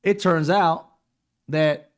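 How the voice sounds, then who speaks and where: A man hosting his own channel, talking in a casual, blunt monologue with frequent swearing and repeated throat clearing. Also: fairly high pitch, steady tone, extremely slow. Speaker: channel host.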